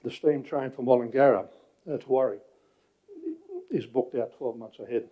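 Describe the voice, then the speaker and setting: A man's voice: mid-range voice, fairly even intonation. Breathless man at a council meeting. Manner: halting, frequent fillers, clears throat. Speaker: public speaker at council meeting. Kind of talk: public address at a meeting. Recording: muffled council chamber audio.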